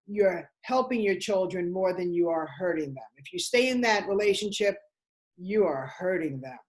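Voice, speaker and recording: A woman's voice: medium pitch, darkish tone. Guest woman, sixties, emphatic storyteller who repeats key phrases. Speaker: guest speaker. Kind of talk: interview talk.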